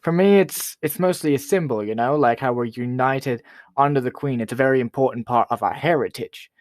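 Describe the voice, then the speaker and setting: A man's voice: mid-range voice, brisk, no echo, studio quality, close to an everyday voice. A man playing a boastful, self-important rapper who is a guest on a comedy talk show. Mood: smug. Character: boastful young male Canadian rapper, royalist.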